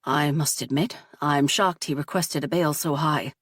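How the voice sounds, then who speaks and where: A woman's voice: deep voice, fairly even intonation, a little slow, breathy edge, dry recording, clean studio sound. A woman voicing an earnest, persistent middle-aged male defense lawyer who speaks formally and keeps pressing his point, in a storybook narration.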